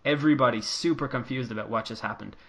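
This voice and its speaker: With a gravelly, mid-range voice and a fast way of talking, this podcast co-host spins an invented wrestling storyline in casual conversation. He tells it with animation, performing each quote in a different voice.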